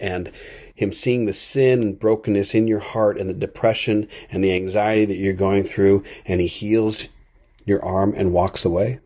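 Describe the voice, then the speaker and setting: Male podcast host: low, mellow voice with a husky edge, earnest and reflective devotional delivery. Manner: earnest, thoughtful, unhurried.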